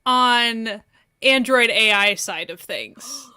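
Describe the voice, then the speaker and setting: A woman's voice: fairly high pitch, takes it slowly, pushed and bright, clean tone. A woman co-hosting a casual chat, chuckling often as she talks. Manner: laughs often while talking. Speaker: podcast co-host.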